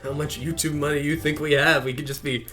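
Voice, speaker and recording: A man's voice: fairly high pitch, fairly even intonation, brisk, a bit bright, soft background music. A Canadian man co-hosting a vlog, teasing and joking and laughing often. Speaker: vlog co-host. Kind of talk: casual comedic chat.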